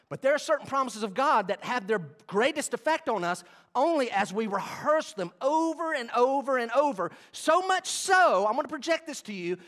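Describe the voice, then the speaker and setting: A middle-aged pastor delivers a sermon in a fairly high male voice. He swings from loud, emphatic bursts down to quiet, low-voiced passages.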